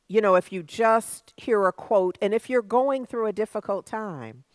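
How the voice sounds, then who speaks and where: A woman's voice: mid-range voice, no echo. A woman minister giving a sermon, conversational at first and building to emphatic preaching.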